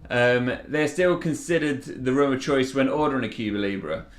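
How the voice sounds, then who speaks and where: A man hosting a relaxed cocktail demonstration, chatting casually as he makes a drink. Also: medium pitch, moderate pace, roomy sound. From Yorkshire, England. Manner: chatty and relaxed, with fillers and restarts. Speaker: bartender host.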